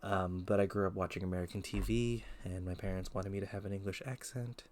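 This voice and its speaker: Young man from the Philippines, streamer, low-voiced, relaxed slangy chat on a headset. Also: a little fast, slight background noise. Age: 20s. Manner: laid-back, slangy, chatty. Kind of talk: casual live-stream chat.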